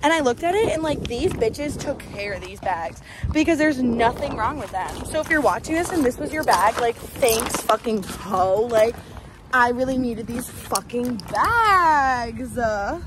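A woman's voice: on the high side, sing-song, measured pace, noisy background. Rambling, swearing young woman vlogger. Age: 20s. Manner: rambling, swearing, filler-heavy, sudden loud bursts. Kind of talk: casual chat. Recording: roomy, distant from the mic.

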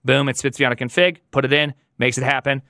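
A man talking as a podcast guest in casual tech chat, animated and opinionated, with emphatic delivery. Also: mid-range voice, quick pace, dry recording, clean studio sound.

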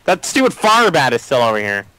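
A man's voice: medium pitch, very animated, fairly quick, sharp tone, clean tone, no room sound, rough recording. A man playing a game with a friend, chatting casually and groaning and exclaiming when he dies. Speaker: Let's Play gamer. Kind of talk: casual gaming banter.

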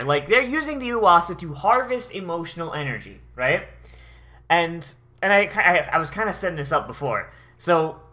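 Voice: medium pitch, sharp tone. A streamer giving rambling, profane commentary while watching an anime episode, often restarting sentences. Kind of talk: casual reaction commentary.

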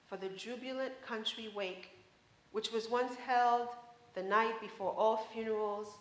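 A woman author giving a public reading of a story in a measured, expressive way, in a college lecture hall. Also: mid-range voice.

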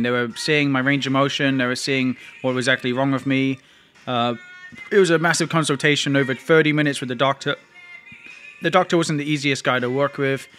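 A man's voice: mid-range voice, bright, forceful tone. A man vlogging, telling a long personal story in a rambling, emotional way with frequent restarts. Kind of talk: casual storytelling to camera.

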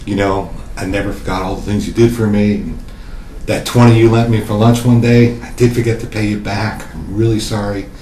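A man plays an earnest golfer settling a debt at a funeral. He speaks in a low, plain voice. The room adds a roomy echo. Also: steady tone, a little fast, warm tone, a little hiss or hum, lightly acted. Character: male golfer paying back a debt at a funeral.

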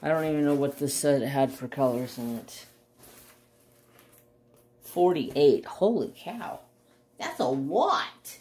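A woman hosting a crafts channel, chatting casually and gushing with excited exclamations as she unboxes a kit. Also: a bass voice, takes it slowly, long pauses. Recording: roomy echo, faint ambience.

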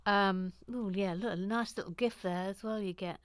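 A woman's voice: mid-range voice, fairly even intonation, moderate pace, few pauses, slight background noise. A woman hosting a casual Lego-building livestream, rambling playfully and breaking into silly sung jingles. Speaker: host.

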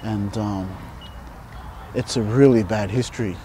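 A man speaks slowly and haltingly, pausing often, in a mellow, dark voice. He is outdoors, with faint traffic noise behind him. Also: fairly low pitch, fairly even intonation. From Australia. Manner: halting, thoughtful, many pauses. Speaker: interviewee. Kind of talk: documentary interview. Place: outdoors by a monument.

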